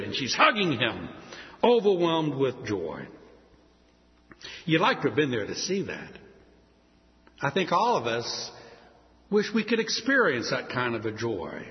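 An older man preaching a sermon, telling stories and acting out voices with sudden high leaps. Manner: animated, acts out quoted voices with big pitch leaps. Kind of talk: sermon storytelling. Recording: dull sound with long hall reverb.

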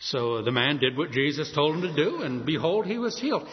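A male preacher telling a story in a sermon, animated and acting out the scenes. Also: fairly high pitch, brisk. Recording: dull recording with long hall reverb.

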